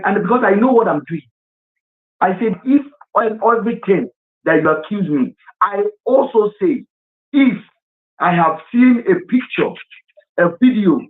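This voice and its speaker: A man with a Nigerian accent hosting a live stream, speaking earnestly and with passion, sometimes slipping into Pidgin. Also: high voice. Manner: earnest and impassioned, mixes in Pidgin. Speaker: livestream host. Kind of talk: emotional live-stream talk. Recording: tinny phone-line sound.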